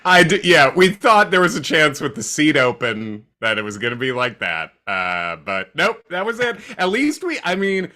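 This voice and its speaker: A man co-hosting a casual livestream recap, excitable and playful. His pitch swings around a lot, and his tone stays bright and forward. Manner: excitable, playful, quick to joke. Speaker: podcast co-host.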